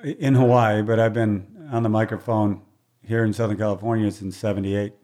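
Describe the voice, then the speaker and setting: A man in his sixties, a longtime race announcer, telling stories in a relaxed interview, acting out other people's voices and laughing often. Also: on the low side, moderate pace. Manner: animated storyteller, acts out voices, laughs often. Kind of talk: casual storytelling interview. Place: moved from Hawaii, on the mic in Southern California for decades.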